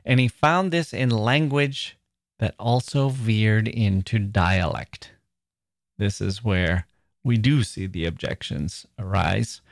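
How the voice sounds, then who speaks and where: A man's voice: fairly low pitch, slow pace, creaky, no echo. Man hosting a book podcast, thoughtful, reads stuff out with feeling, dry close sound. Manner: thoughtful and expressive, reading aloud with feeling. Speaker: podcast host. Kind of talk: literary podcast talk.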